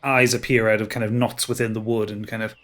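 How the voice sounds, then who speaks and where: A man's voice: lowish voice, little pitch movement, fast talker, fairly bright tone. A man narrating a tabletop game as game master, descriptive and full of restarts.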